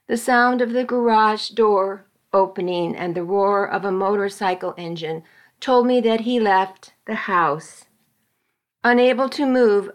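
A woman volunteer reader narrating a dramatic magazine story aloud in a measured storytelling voice. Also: medium pitch. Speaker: volunteer reader for a reading service.

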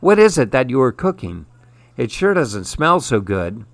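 A man's voice: mid-range voice, very animated, normal speed, no echo. A man voicing a timid, nervous young girl in a storybook. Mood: curious.

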